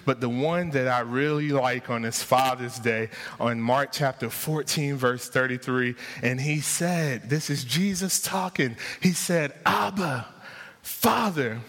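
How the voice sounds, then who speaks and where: A man's voice: mid-range voice, a bit bright. A man preaching a sermon to his congregation, rousing them with repeated rhetorical questions. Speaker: pastor. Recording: long hall reverb.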